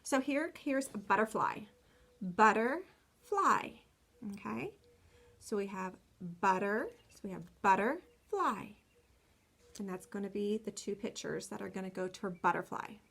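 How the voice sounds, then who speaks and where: A woman teacher recording a lesson for kindergarten children, sounding words out slowly and clearly and giving step-by-step instructions. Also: mid-range voice, fairly bright tone. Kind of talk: recorded remote phonics lesson.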